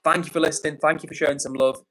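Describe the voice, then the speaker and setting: An English man hosting a casual livestream, upbeat and chatty as he reads out comments and gives shout-outs. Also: fairly high pitch, fairly even intonation, racing, low-quality recording. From England. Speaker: livestream host.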